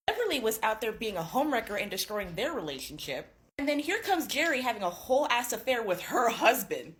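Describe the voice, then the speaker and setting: A young woman in her twenties casually recapping a book, gossipy and animated, swearing freely. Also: a little high. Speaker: booktuber.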